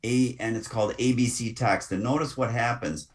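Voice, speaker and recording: A man giving a screen-recorded software lesson as the instructor, talking through each click with casual asides. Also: medium pitch, normal speed.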